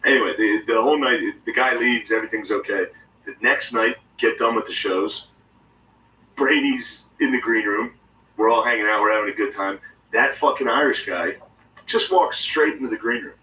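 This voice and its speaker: A man's voice: on the low side, normal speed, sharp tone. Male comedian, profane storyteller, roomy room sound with light background noise. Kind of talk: casual storytelling chat. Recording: roomy echo, distant mic.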